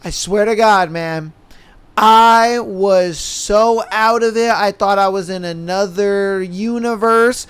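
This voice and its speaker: Young male podcast host, easygoing and casual, fairly high and crisp tone, swears freely. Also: slow pace, fairly bright tone. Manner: laid-back, says "bro" and "man" constantly. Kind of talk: casual storytelling monologue.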